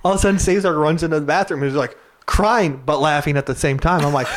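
A man's voice: a little high, fast, hardly any pauses. A young man telling a rowdy drinking story in casual chat, laughing often and swearing freely.

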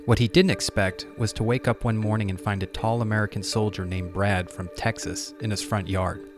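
A man's voice: lowish voice, fairly even intonation, a little fast. A man hosting a podcast, giving a dramatic scripted narration that introduces the episode. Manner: dramatic storytelling delivery. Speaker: podcast host. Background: music.

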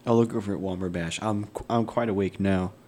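Hesitant low-voiced man playing a tabletop game. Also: fairly even intonation, fairly quick, a little mellow, slight background noise. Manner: hesitant, with many fillers and restarts. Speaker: player. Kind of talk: in-character tabletop play.

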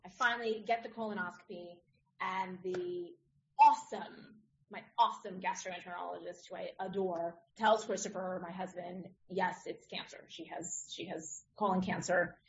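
A middle-aged woman, a podcast guest, telling a personal story in a casual, animated way and acting out the other people in it. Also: medium pitch. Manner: animated, acts out others' voices in her story. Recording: dull lo-fi audio.

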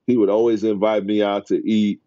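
A middle-aged man telling stories as a podcast guest, acting out quotes excitedly. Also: brisk, no echo, muffled recording. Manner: excited storyteller who acts out quotes in a high voice. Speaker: guest, former basketball player. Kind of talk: animated storytelling in a podcast interview.

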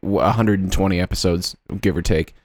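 A man co-hosting a podcast in casual chat, making wry, deadpan asides. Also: sits low, a little fast. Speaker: podcast co-host.

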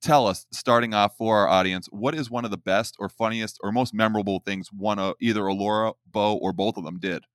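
A man's voice: fairly low pitch, steady tone, fairly quick, hardly any pauses, no echo, studio quality. A man in his thirties hosting a podcast, enthusiastic and hyping up his guest in casual chat. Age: 30s. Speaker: podcast host.

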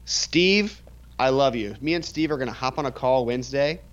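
A man's voice: mid-range voice, expressive, normal speed, highs cut off. A man co-hosting a casual live stream, cutting in with playful teasing jokes. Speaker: co-host, website builder.

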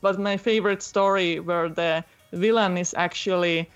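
A woman's voice: on the low side, steady tone, moderate pace, smooth, soft background music. Chatty woman with a voice. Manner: chatty, many fillers, laughs while telling a story. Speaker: podcast guest recommending a manga. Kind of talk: casual chat.

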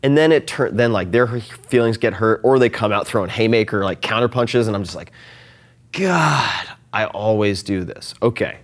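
A man talking as a guest in a casual interview, animated and self-deprecating, often restarting and filling with "like". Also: fairly low pitch, brisk, few pauses. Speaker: podcast guest.

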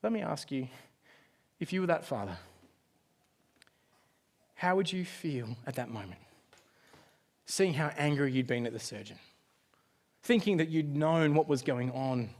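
A male pastor preaching a sermon, telling a story with dramatic swings from loud outbursts to hushed, quiet lines. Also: on the high side, expressive, unhurried, pauses often.

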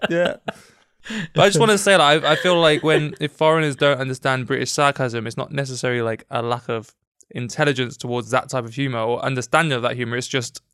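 A man co-hosting a casual podcast chat, thoughtful and a little halting, poking fun at himself. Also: mid-range voice, fairly even intonation, fairly bright tone, clear, resonant tone, no echo, studio quality. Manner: thoughtful, halting, self-deprecating. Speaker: podcast co-host.

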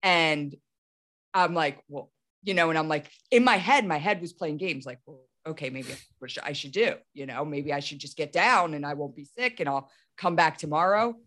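A woman's voice: low-pitched, animated, normal speed, a bit bright. A woman in her thirties hosting a podcast, telling a story animatedly with lots of restarts and "like". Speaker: podcast host. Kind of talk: casual storytelling conversation.

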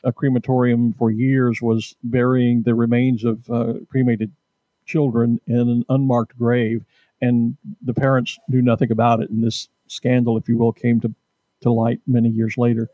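A man from the United States hosting an interview, asking questions in a measured, explanatory way. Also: mid-range voice, flat delivery, no room sound, dull audio. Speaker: interviewer host. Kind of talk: conversational interview.

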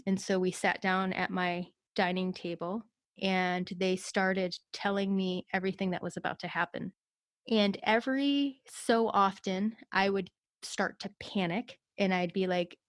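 Earnest, even-toned woman recounting an experience. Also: on the low side, brisk, no room sound, studio quality. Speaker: guest. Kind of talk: personal storytelling in an interview.

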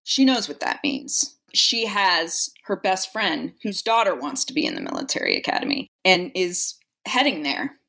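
A young adult woman speaks in a lowish voice, thoughtful and earnest as she is interviewed about her acting work. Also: huge pitch swings, moderate pace, gravelly, few pauses, sharp tone. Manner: reflective, earnest, grows emotional. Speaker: actress, interview guest. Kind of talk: casual interview conversation.

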